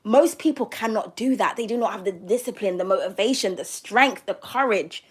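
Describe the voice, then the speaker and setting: A woman's voice: medium pitch, normal speed, slightly rough. A woman tarot reader ranting to her viewers from home, blunt and profane, firing off mocking rhetorical questions. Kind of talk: casual rant to a live audience.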